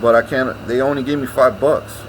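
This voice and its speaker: A man's voice: medium pitch, fairly even intonation, brisk, slight background noise, low-quality recording. A man, ranting casually to his vlog audience, swearing often and repeating himself. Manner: profane, rambling, repeats himself. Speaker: vlogger.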